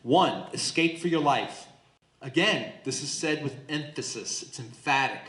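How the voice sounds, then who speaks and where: A man teaching a Bible study with emphatic, questioning delivery. His voice sits at a middle pitch. The sound carries a roomy echo. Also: animated, measured pace, a bit bright. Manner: emphatic, asks listeners questions. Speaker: pastor leading Bible study. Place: church room.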